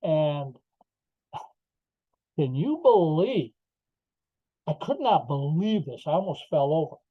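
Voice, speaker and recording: A man's voice: on the high side, lively intonation, slow pace, husky, no echo. An older man, a podcast guest, telling his story emphatically with rhetorical asides. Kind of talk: interview storytelling. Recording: slightly dull lo-fi audio.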